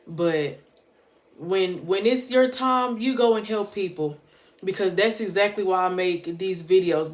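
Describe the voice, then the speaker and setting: A motivational vlogger speaking straight to the camera in a heartfelt, preachy way, often repeating points for emphasis. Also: medium pitch. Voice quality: emphatic, preachy, casual street-smart phrasing.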